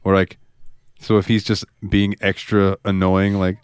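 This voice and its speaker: A man co-hosting a podcast in casual chat, excitable, swearing freely and laughing often. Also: sits low, unhurried, smooth, no room sound, clean studio sound. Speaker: podcast co-host.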